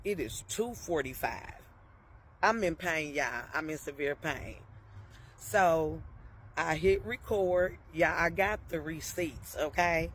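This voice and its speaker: Low-pitched and relaxed, a woman recounts something from her own life over slight background noise. She keeps laughing between sentences and draws her listeners in with "y'all" and "okay?".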